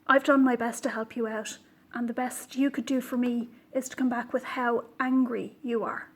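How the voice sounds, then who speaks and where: A woman with a high, light voice hosts a knitting video podcast from home. She talks casually but with pointed indignation, stressing her words and pausing on fillers. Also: little pitch movement. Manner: indignant, emphatic, with frequent fillers. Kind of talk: casual vlog monologue.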